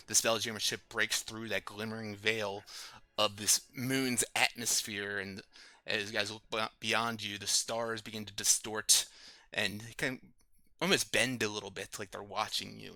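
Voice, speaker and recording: A man narrating a tabletop game as game master, describing scenes with frequent pauses and fillers. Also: lowish voice, sharp tone.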